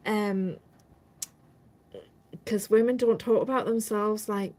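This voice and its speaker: A woman's voice: mid-range voice, steady tone, slow pace, darkish tone, poor audio. A woman hosting a casual live stream, chatting in a rambling way and answering viewer comments as they come in.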